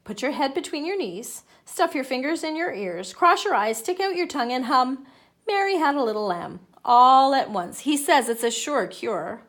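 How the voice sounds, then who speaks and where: A woman voicing an excitable young boy in a storybook read-aloud, listing instructions eagerly. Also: high voice, normal speed, full character voice.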